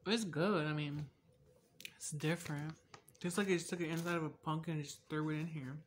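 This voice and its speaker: A young woman vlogging a casual taste test, candid and chatty, swearing freely and drifting between soft asides and loud laughing outbursts. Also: low-pitched, steady tone, a little fast, slight background noise.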